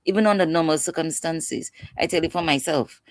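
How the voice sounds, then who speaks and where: Woman, low voice, dry close sound, passionate and emphatic expert guest. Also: brisk, dry recording. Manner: passionate, emphatic, acts out quotes. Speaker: guest expert on mental health. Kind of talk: instructive interview talk.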